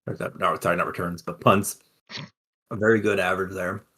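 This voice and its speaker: Low-voiced male co-host, relaxed, talks through league stats. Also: fairly quick, slightly rough. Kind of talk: casual stats chat.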